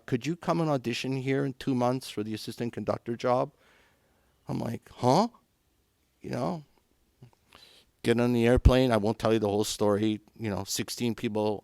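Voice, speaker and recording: Lively storytelling middle-aged man. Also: fairly low pitch, no echo. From Canada. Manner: animated, acts out quoted voices. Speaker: conductor, guest. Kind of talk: anecdotal storytelling. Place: podcast studio.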